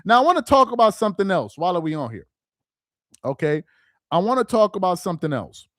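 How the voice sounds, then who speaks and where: High-voiced man riffing casually on a live stream. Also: very animated, fairly quick, a bit bright, no room sound, clean studio sound. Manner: loose, slangy, repeats himself for emphasis.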